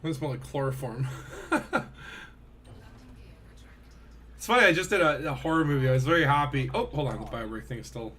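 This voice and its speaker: A man's voice: mid-range voice, expressive, quick pace, a bit bright, slight background noise. A man chatting casually and rambling to his viewers while streaming a game. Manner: chatty, rambling, talks to chat while playing. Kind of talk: casual gaming stream chat.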